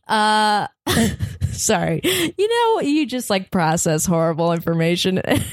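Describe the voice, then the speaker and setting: A woman guest on a podcast telling a story in a casual way. She is animated, laughs often, swears freely and acts out the voices of the people in her story. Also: mid-range voice, slow, dry recording.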